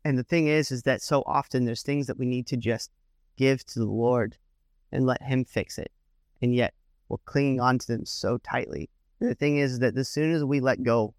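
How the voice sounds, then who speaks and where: A man's voice: mid-range voice, no room sound. Male preacher, mid-range voice, dry close sound, chatty sermon delivery with restarts. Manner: conversational, repeats "the thing is, is that".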